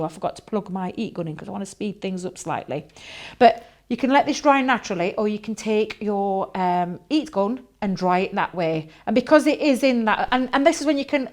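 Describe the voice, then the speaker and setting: A woman's voice: medium pitch, darkish tone. A woman chatting enthusiastically as she demonstrates coloring techniques, thinking aloud as she works. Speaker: craft demonstrator. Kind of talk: live crafting demonstration.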